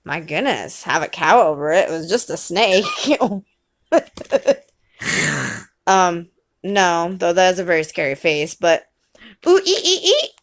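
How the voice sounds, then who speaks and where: A mother reading a picture book with her small child, coaxing and gently teasing. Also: on the low side, a little slow, long pauses, a little hiss or hum.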